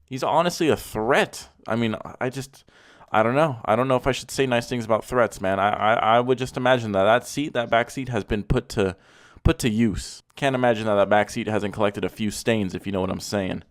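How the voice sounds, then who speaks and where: A man's voice: mid-range voice, fairly quick. A man giving casual comedic commentary on car mods, sarcastic and mock-complimenting, swearing freely.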